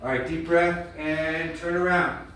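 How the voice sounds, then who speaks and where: An acting teacher coaches his class with blunt energy and frequent laughter, his voice fairly high, a bit bright, unhurried, and fairly even in intonation. A distant camera mic captures him in a large, echoey studio room, with noise in the recording.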